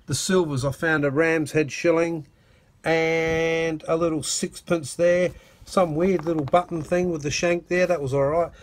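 An Australian man filming a casual outdoor vlog on his phone, chatting excitedly to viewers and calling his mate "mate" a lot. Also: fairly high pitch, unhurried. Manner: excitable, blokey, lots of "mate" and "righto". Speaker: metal detecting channel host. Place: outdoors at a dig site. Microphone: phone camera.

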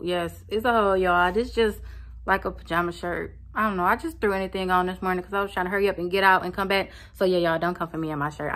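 A young woman talks straight into her phone camera in a loose, chatty vlog. She wanders off-topic and keeps turning back to her viewers with "y'all." Her voice sits at an ordinary middle pitch. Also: fairly bright tone. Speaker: vlogger. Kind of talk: casual chat to camera.

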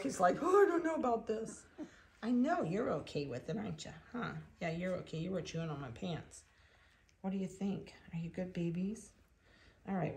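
A woman breeder narrating a casual video, chatting along and cooing softly to the animals she handles. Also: fairly low pitch, gravelly. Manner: chatty, coos softly to puppies. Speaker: dog breeder.

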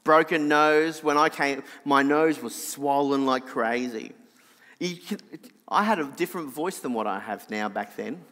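A middle-aged Australian man with a nasal voice, telling a personal story in an animated sermon. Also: measured pace, long reverb tail. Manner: animated anecdotal, drops soft and low for reflection. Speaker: preacher.

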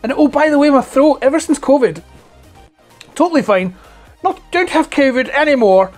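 A man in his forties with a Scottish accent, chatting casually to camera about toys at home on a clip-on mic, his voice hoarse and close to breaking, rambling and swearing freely. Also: extremely high pitch, lively intonation, moderate pace, a little mellow, faint music behind. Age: 40s. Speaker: toy collector vlogger. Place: at home indoors. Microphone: clip-on lapel mic.

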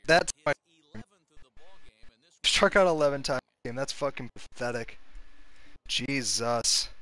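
Young male gamer host, swears a lot while he plays, bright tense voice. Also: mid-range voice, slow pace, no echo. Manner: profane, frustrated, talks to his players. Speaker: gaming video host. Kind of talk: casual gameplay commentary.

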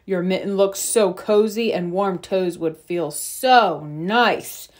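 A woman voicing a big cold bear in a storybook read-aloud, pleading loudly and slowly. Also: mid-range voice, close to an everyday voice.

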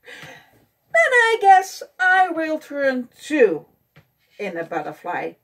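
A woman's voice: high-pitched, wildly swooping pitch, slow, fairly bright tone, pitched above the performer's own voice, full character voice. A woman voicing an eager, curious young male pollywog who becomes a frog, in a picture-book reading.

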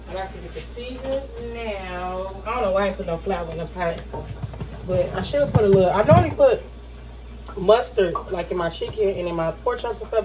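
A woman chatting casually to her viewers while she cooks dinner in her home kitchen, calling them y'all again and again. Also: medium pitch. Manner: chatty, talks straight to viewers with lots of y'all. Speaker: vlogger. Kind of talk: casual cooking vlog.

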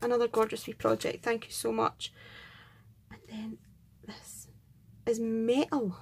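A Scottish woman in a casual craft vlog who talks in an excitable, gushing way, thanking viewers and counting out items. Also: on the high side, measured pace, gravelly, slightly rough. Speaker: craft vlogger. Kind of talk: casual chat unboxing and scoring craft entries.

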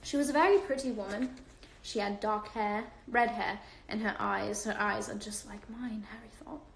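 A woman reads a novel aloud to her livestream viewers at an ordinary mid-range pitch. Her delivery is unpolished, with fillers and small self-corrections. The recording sounds like a roomy home space picked up on a phone. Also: fairly even intonation, normal speed, gravelly, a little hiss or hum. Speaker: livestream host reading aloud.

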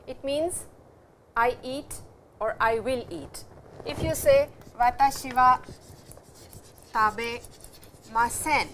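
A woman with a somewhat high voice teaches a class in an explanatory lecture style. She says example sentences slowly and repeats them, with a faint hum of noise behind her. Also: fairly bright tone. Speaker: language teacher.

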